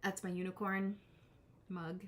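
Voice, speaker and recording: A woman's voice: lowish voice, flat delivery, unhurried, a little hiss or hum. A woman hosting a live tarot reading, chatting casually with viewers and drifting into self-deprecating asides. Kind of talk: casual live-stream chat.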